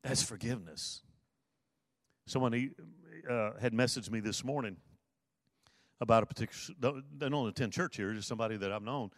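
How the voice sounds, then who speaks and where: An earnest male pastor delivering a sermon, repeating his key phrases to drive them home. His voice sits at an ordinary middle pitch and is recorded close and dry, with no room sound. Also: moderate pace, pauses often, no echo.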